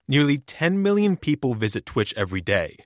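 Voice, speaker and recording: Male radio reporter, measured scripted narration, dry studio sound. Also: medium pitch, big pitch swings, no room sound. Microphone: studio mic.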